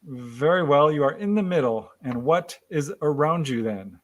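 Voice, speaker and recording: A man leading a hypnosis session, asking calm, gently prompting questions. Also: on the high side, moderate pace. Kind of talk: replaying a hypnosis session recording.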